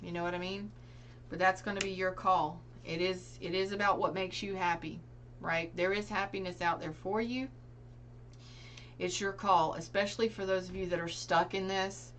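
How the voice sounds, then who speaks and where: A woman's voice: fairly low pitch, steady tone, normal speed, a bit bright, a little hiss or hum. A woman giving a casual tarot reading, speaking earnestly and directly to her viewers. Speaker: tarot reader.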